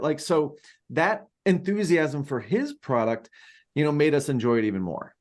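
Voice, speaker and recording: This podcast co-host is a man with a slightly high, animated voice at a moderate pace. He chats casually and rambles, full of fillers and restarts.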